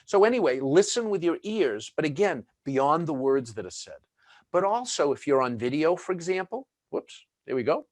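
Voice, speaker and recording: A man's voice: on the high side, sing-song, normal speed, no echo. A man presenting a webinar in a chatty, conversational way, full of fillers and asides.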